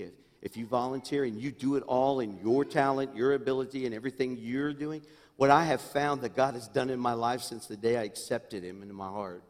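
Middle-aged pastor preaching in reverberant church. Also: male voice, medium pitch. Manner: swings between hushed, intimate asides and loud, rising exclamations. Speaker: senior pastor. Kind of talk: sermon. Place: church sanctuary. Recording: long reverb in a church hall.

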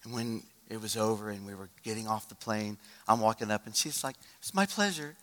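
Male pastor, sermon, bright forceful voice, slightly high, long hall reverb. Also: level tone, a little fast. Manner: swings from shouted urgency to hushed storytelling.

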